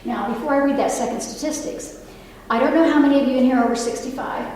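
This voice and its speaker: A woman's voice: high voice, steady tone, fast, darkish tone, slight background noise. Older woman speaking in an echoey hall. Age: over 65. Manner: earnest, talks to the room with asides and questions. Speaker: nurse giving a talk. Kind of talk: public talk to an audience. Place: library meeting room. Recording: echoey hall, mic from a distance.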